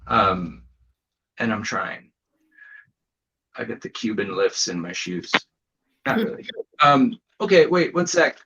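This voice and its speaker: A man's voice: lowish voice, animated, takes it slowly, pauses often, bright, forceful tone, slightly rough, muffled recording. A man doing a casual stand-up set over a home video call, rambling and self-deprecating with lots of fillers and restarts. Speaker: stand-up comedian.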